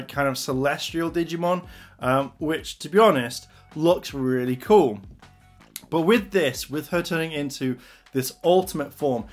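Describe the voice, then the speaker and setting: Brief: rather high-voiced male reviewer, chatty and excitable, faint music underneath. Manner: excitable, animated retelling with acted-out quotes. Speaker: anime reviewer. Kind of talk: casual spoken review.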